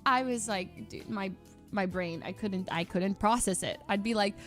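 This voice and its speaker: A young woman streamer telling a story in casual chat, excitable and laughing, full of fillers and restarts. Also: medium pitch, normal speed, faint music behind.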